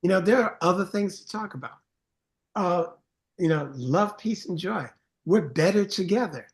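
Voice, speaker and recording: A middle-aged songwriter and producer, appearing as a guest in a casual interview, tells earnest stories and acts out the voices of the people in them. His voice is high and expressive, at a moderate pace.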